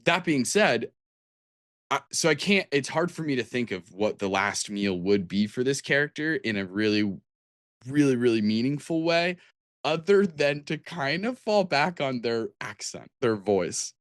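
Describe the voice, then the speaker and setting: A man's voice: medium pitch, lively intonation, a little slow, a bit bright, no room sound, clean studio sound. A man co-hosting a podcast, chatting casually about tabletop games in a rambling way with many restarts. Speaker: podcast co-host.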